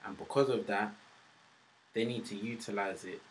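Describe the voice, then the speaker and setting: A man's voice: on the low side, steady tone, normal speed, a little hiss or hum, low-quality recording. A man, a podcast guest who talks frankly and casually, with lots of fillers and slang. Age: 20s. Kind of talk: casual interview chat.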